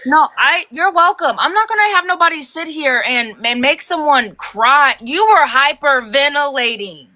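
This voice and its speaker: A woman hosting a livestream, ranting heatedly and fast, swearing and rising to shouts. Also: sits high, animated. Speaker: livestream host.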